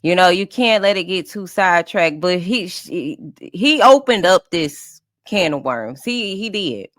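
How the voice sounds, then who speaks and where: A woman's voice: lowish voice, animated, unhurried, fairly bright tone, no room sound, studio quality. A woman streamer giving blunt, profane, offhand commentary while reacting to an interview.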